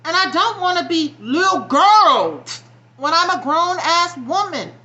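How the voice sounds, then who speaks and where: A woman's voice: very high-pitched, big pitch swings, unhurried, pushed and bright, highs cut off. A young woman venting bluntly and with a lot of swearing in a personal vlog, close to tears and frustrated. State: near tears. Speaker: vlogger. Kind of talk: emotional personal vlog rant.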